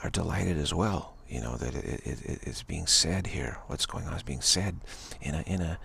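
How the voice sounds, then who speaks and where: A man giving a rambling, gentle spiritual talk, full of repeated phrases and "you know.". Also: rumbling low, moderate pace, vocal fry, a little hiss or hum. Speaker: spiritual speaker.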